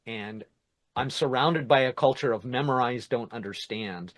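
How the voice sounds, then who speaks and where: A man's voice: medium pitch, moderate pace, no room sound. A man who teaches languages, explaining his teaching ideas in a casual interview, often checking in with "right?". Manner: explanatory, repeats points, says "right?" and "it's like".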